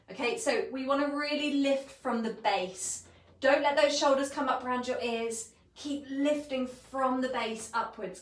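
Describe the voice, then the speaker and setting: A woman teaching a pilates class, calmly cueing each movement and breath step by step. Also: a little high. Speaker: pilates instructor. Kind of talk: guided exercise instruction. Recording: echoey room, voice from a distance.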